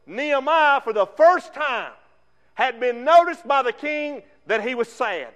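A man preaching a fervent sermon, swinging between loud emphasis and hushed tones. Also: very high voice, lively intonation, a little slow. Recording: long reverb.

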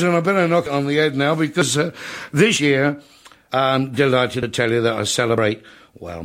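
Chatty older showbiz raconteur. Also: male voice, medium pitch, a bit bright, a little hiss or hum. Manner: chatty, peppered with "you know", laughs at his own tales. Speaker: entertainer telling stage anecdotes. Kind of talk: anecdotal comic storytelling.

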